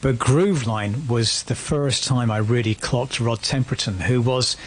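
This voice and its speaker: A man's voice: mid-range voice, measured pace, a little hiss or hum. Reflective man telling stories. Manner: reflective, storytelling. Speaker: guest musician. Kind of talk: casual radio interview.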